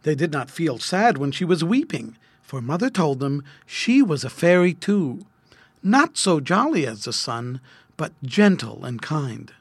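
A man reading an old-fashioned children's story aloud, gentle and expressive. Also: a little high, measured pace, husky, dry recording. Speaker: narrator.

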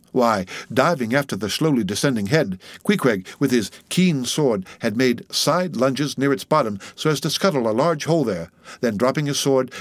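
Male audiobook narrator, measured and dramatic delivery, dry close recording. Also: mid-range voice, no room sound. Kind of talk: audiobook narration of a classic novel.

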